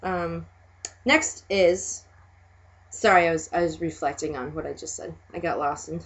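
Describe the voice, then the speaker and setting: A woman's voice: low voice, measured pace. A woman vlogger chatting casually, rambling and hesitant, often trailing off. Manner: rambling, hesitant with many fillers. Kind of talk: casual chat. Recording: dull lo-fi recording.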